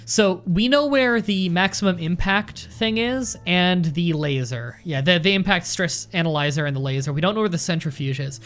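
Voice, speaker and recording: Let's play host: a man with a slightly high voice, chatty and rambling, thinking out loud during casual commentary. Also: animated, moderate pace, hardly any pauses.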